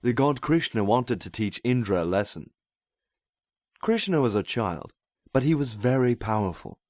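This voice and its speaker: A man reading a children's story aloud in a clear, even-toned way. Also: medium pitch, moderate pace, no echo, studio quality. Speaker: narrator. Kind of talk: storybook read-aloud narration.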